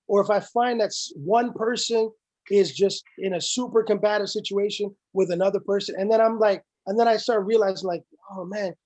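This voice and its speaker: A man's voice: high-pitched, a little mellow. A man in casual chat, telling stories animatedly, acting out quotes and swearing freely. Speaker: podcast guest, room moderator.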